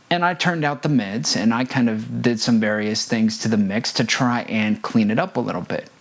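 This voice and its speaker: A man who works as a front of house audio engineer, giving an earnest instructional talk with personal stories and repeating his key points for emphasis. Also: medium pitch.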